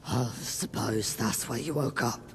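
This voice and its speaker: An actor playing a weary male leader of a fish-like river people, speaking in slow, hesitant pleas in video game dialogue. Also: mid-range voice, a little hiss or hum, lightly acted. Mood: pleading.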